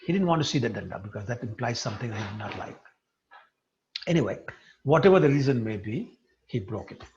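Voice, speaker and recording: A man's voice: mid-range voice, fairly quick, slight background noise. A man giving a devotional lecture, retelling a sacred story and putting questions to his listeners. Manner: animated storyteller who poses questions to the listeners. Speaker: religious teacher. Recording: dull lo-fi recording.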